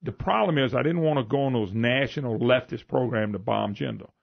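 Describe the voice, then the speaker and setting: A man with a Louisiana Southern accent hosting a radio talk show, telling rambling folksy anecdotes in an animated way. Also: medium pitch, a little fast, vocal fry. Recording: dull lo-fi radio broadcast.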